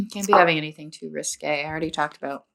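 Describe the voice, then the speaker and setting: A woman's voice: deep voice, lively intonation, quick pace, creaky, slight background noise. A young woman co-hosting a podcast, chatting casually and teasing her friend. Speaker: podcast co-host. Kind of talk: casual chat.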